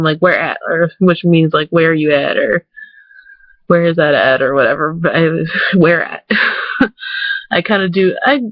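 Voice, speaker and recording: A high-pitched man with a Michigan accent rambles casually to his viewers, packing every sentence with "like." The sound is close and dry, a little dull and lo-fi. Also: no room sound. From Michigan, USA. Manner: chatty, rambling, filler-heavy with lots of "like". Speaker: vlogger. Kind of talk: casual talking-head vlog.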